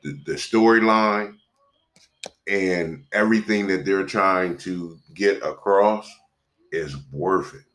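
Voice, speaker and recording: Very deep-voiced man in casual chat. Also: fairly bright tone. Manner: halting, filler-heavy, earnest. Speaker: conversation partner. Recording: echoey room.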